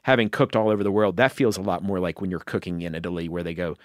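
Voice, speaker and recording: Guy chef rambling on with lots of "like"s, lowish voice, dry sound. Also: fairly even intonation, fast talker, hardly any pauses, dry recording. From Southern United States. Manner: chatty, rambling explanations full of fillers. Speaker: chef and restaurant owner, podcast guest. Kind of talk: casual conversation.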